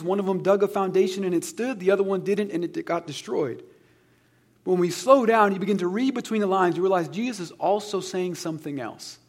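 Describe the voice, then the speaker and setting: A pastor delivers his sermon in a high, somewhat husky voice. He speaks earnestly and conversationally and slips in humor. His tone stays personal. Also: darkish tone.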